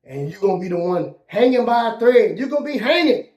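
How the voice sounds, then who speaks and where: High-voiced man cutting a wrestling promo. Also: sing-song, brisk, a little mellow, reverberant, highs cut off. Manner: boastful, threatening, with short repeated phrases. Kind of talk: trash-talking wrestling promo.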